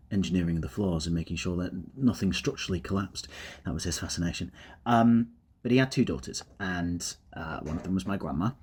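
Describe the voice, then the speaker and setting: An English vlogger with a Received Pronunciation accent rambles in a casual, reflective way while out walking his dog, with plenty of ums and uhs. His voice is low and darkish, with a breathy edge.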